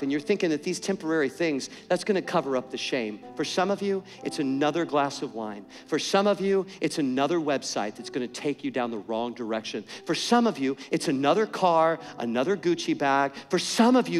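A man preaching a sermon with passion, moving between strong declarations and hushed, soft passages. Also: on the high side, big-room sound. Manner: impassioned, swings to soft and hushed. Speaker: pastor.

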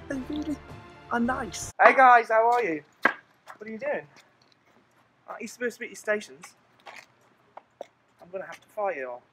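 Over faint background music, a man with a high-sitting, bright, forceful voice plays a pompous, boastful elk king. In this comic monologue the king rambles and orders his staff around.

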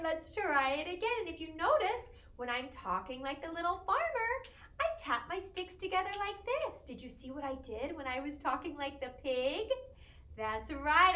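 A woman's voice: very high-pitched, sharp tone. A woman from Georgia, a children's music teacher leading a live-streamed class in a sing-song, encouraging way.

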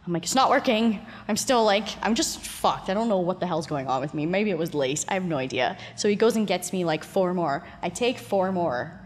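A woman's voice: on the low side, brisk, few pauses. A woman from Canada in her thirties, telling her story as a guest in casual talk, swearing freely and acting out other people's voices. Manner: swears a lot, laughs often, acts out voices in her story. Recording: echoey room with long reverb and faint noise.

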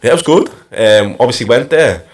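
At medium pitch and a fairly quick pace, an ex-footballer in his thirties with a Liverpool accent tells his stories during a casual podcast interview. He's relaxed, with "like" and "you know" cropping up often.

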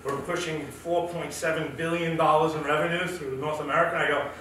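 A man's voice: on the high side, brisk, a little hiss or hum. A middle-aged man giving a humorous, self-mocking storytelling talk at a professional event, recorded in a meeting hall. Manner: animated, self-mocking, acts out quotes. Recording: echoey room, mic from far off.

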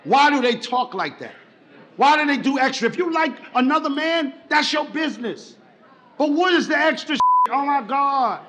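A middle-aged man from the Bronx, doing a loud, animated stand-up comedy routine on stage. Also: moderate pace. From the Bronx, New York. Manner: loud and animated, shouting punchlines, dropping into deep voices for other characters. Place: large comedy stage with a live audience. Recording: echoey live venue with crowd noise.

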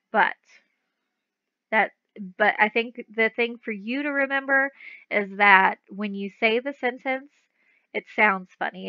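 A woman's voice: medium pitch, dry recording, highs cut off. A woman teaching a phonics lesson to young children, patiently sounding out letters and words and repeating them.

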